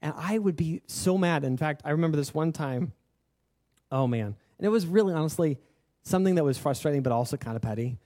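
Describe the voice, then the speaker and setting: Animated and brisk, a young pastor with a highish, mellow voice delivers a sermon built around a personal story. His manner is earnest, confessional, and conversational, with plenty of filler words.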